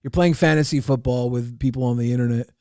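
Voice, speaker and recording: A man's voice: mid-range voice, fairly even intonation, fast talker, darkish tone, no echo, studio quality. A man hosting a livestream talk show, reading donations with a wry, stammering manner. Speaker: livestream host.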